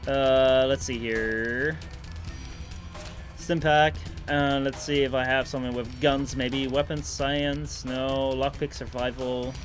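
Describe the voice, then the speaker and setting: A young man livestreaming a game, swearing freely, with loud frustrated outbursts and rambling, filler-heavy asides. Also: mid-range voice, flat delivery, slow, faint music behind. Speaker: streamer. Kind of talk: live gaming stream commentary.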